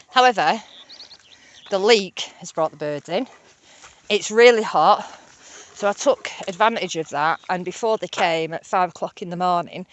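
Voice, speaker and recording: A woman, vlogging casually and excitedly about wildlife while walking on a rural hillside. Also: mid-range voice. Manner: chatty, excitable, rambling. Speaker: nature vlogger.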